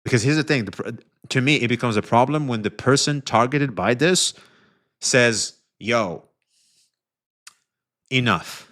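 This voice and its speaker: A man's voice: medium pitch, unhurried, pauses often. Rambling, foul-mouthed male streamer. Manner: rambling and profane, full of fillers, often trailing off quieter. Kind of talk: casual stream commentary reacting to online drama.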